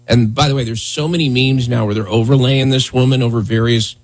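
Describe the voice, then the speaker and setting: Husky-voiced male radio host. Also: medium pitch, steady tone, fairly quick, poor audio. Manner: loose, sarcastic, joking. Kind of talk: casual morning radio talk. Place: radio studio.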